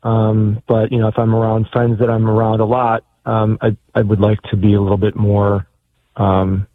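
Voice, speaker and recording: A man calling in to a talk show, speaking hesitantly with many pauses and restarts, heard over a phone line. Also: fairly low pitch, completely flat delivery. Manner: hesitant, lots of ums and restarts. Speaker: caller. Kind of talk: phone-in conversation.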